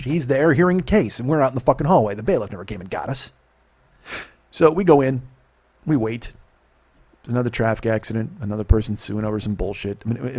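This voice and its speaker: Profane man telling a story. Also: lowish voice. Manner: profane, animated retelling with quoted dialogue. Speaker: podcast host. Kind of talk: casual storytelling.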